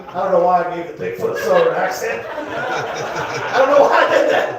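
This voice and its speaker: A man's voice: sits high, expressive, normal speed, gravelly, distant mic, a loud crowd, heavy background noise. A man doing a stand-up set in a comedy club, rambling and crude with self-mocking asides. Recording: echoey club recorded from afar.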